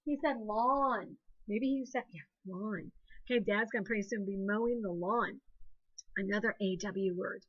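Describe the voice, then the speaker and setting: This woman from Ohio speaks with an Ohio accent at medium pitch and normal speed, her voice husky and the recording muffled. She teaches a second grade phonics lesson with call-and-response from pupils, patient, encouraging and sing-song.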